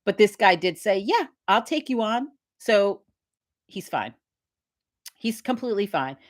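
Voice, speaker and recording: A middle-aged woman hosts a casual live stream for a witch community, rambling and swearing as she tells a story, acting out quoted voices. Her medium-pitched voice is very animated, though her pace stays measured.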